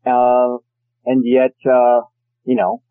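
A man's voice: medium pitch, lively intonation, slow, vocal fry, clean tone, no room sound. A man, an actor guest, answering interview questions and laughing easily. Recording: tinny phone-like line.

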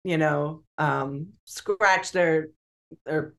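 A guest on a video call talks candidly in a mid-pitched voice. The speech is halting, full of fillers and restarts, broken by nervous laughter. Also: a bit bright. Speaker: interview guest. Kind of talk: candid conversational interview.

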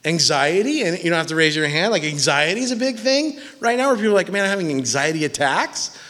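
A young male pastor preaches in an animated, conversational way, dropping jokes between points. His voice sits a little high. The sound carries a long reverb from a large church hall. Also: quick pace. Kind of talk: sermon.

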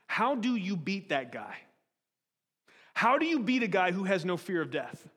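A man preaching with a fairly high voice, rising and pressing as he throws rhetorical questions at his listeners. His sermon rings through a church hall with a long reverb tail. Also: sing-song, moderate pace, a bit bright, husky. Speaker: pastor.

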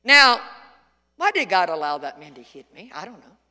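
A man's voice: on the high side, huge pitch swings, quick pace, pushed and bright, big-room sound. A middle-aged male pastor preaching a sermon, telling folksy stories with sudden emphatic outbursts.

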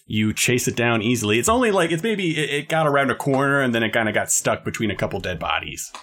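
A man's voice: medium pitch, animated, quick pace, a bit bright. A man running a tabletop game as game master, playful and often laughing.

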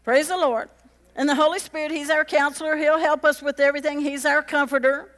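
A woman preaching a lively, conversational sermon, chatty and joking with the congregation as she acts out little quotes. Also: sits high, fairly quick, in a large hall.

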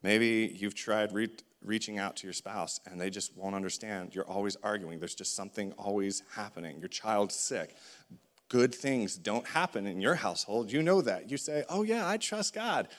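A man preaching a sermon, animated and conversational, acting out the voices in his stories. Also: on the low side, normal speed.

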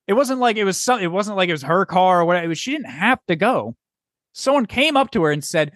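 A man's voice: sits high, fast, no room sound, studio quality. A young man co-hosting a casual podcast, telling a story with acted-out dialogue and lots of swearing. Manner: animated, profane, exasperated storytelling with acted-out dialogue. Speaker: podcast co-host.

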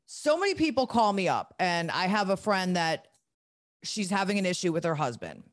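Woman podcast host, low-ish voice, blunt and jokey, dry close sound. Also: big pitch swings, normal speed, no room sound. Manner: candid, jokey, laughs often. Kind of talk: casual chat.

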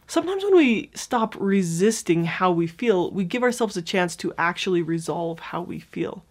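A woman explaining a self-help technique in a calm, clear, gently encouraging teaching tone, as if from a script. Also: fairly low pitch, moderate pace.

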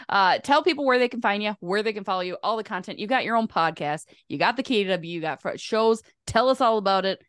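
A woman's voice: medium pitch, lively intonation, fast, hardly any pauses, a bit bright, smooth, no room sound, clean studio sound. A woman hosting an interview, playful and chatty, laughing along with her guest. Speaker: podcast host. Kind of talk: casual interview chat.

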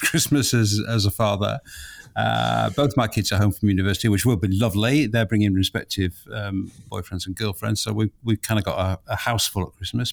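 A middle-aged man hosting a podcast, chatting in a measured way with some hesitant fillers. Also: fairly low pitch, gravelly, no room sound. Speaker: podcast host. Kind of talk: casual podcast chat.

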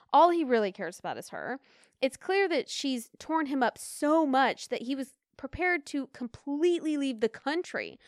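Chatty, high-voiced woman. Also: dry recording, studio quality. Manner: chatty, animated and opinionated, slips into rants. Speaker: podcast co-host. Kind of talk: casual chat about a period drama.

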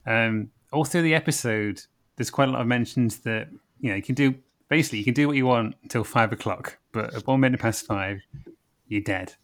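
A man co-hosting a podcast in casual chat, halting and full of fillers. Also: medium pitch. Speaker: podcast co-host.

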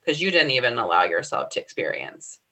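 A woman's voice: a bass voice, sing-song, brisk, pushed and bright. A woman in her forties co-hosting a podcast, talking through her own feelings in an earnest, searching way and often checking in with her listener. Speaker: podcast co-host. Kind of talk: casual reflective conversation.

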